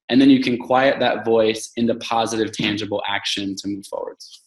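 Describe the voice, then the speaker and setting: A man's voice: fairly low pitch, fairly even intonation, moderate pace, echoey room, rough recording. A man speaking earnestly and reflectively as a podcast guest, with frequent fillers and restarts. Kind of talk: casual interview talk.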